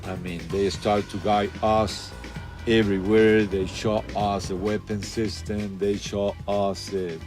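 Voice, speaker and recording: A man recounting events in a documentary interview, swearing often and telling the story with lively animation. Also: on the low side, takes it slowly. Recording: faint music under voice.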